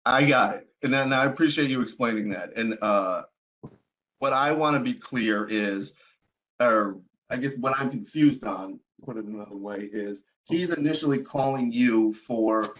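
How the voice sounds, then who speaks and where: Lawyer type, male, measured and hedging, slightly muffled lo-fi recording. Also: mid-range voice, a bit bright. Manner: careful, hedging, restates and rephrases. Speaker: attorney cross-examining a witness. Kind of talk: legal questioning.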